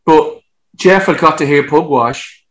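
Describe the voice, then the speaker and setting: Lively, swearing man telling stories. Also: fairly high pitch, measured pace, poor audio. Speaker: musician guest. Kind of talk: casual anecdotal storytelling.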